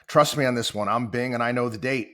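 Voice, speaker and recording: A man's voice: medium pitch, fast, fairly bright tone, lightly acted. A man voicing an insistent AI chatbot that grows stiff, self-assured and scolding. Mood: irritated. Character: insistent, prickly AI chatbot, male-voiced.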